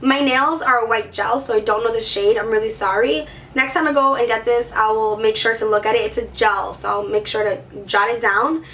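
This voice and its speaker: Woman, beauty vlogger, sore throat, gushing casual chat, slightly high voice, faint room hiss. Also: steady tone, fairly quick, hardly any pauses, sharp tone, distant mic. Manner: chatty, peppered with "like", gushing.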